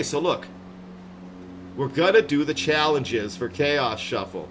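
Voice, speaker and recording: Upbeat rambling streamer guy, lively pitch. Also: slow pace, background noise. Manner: rambling, upbeat, laughs often. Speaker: game streamer. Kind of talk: casual live-stream chat. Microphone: headset. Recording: background music playing loudly. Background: music.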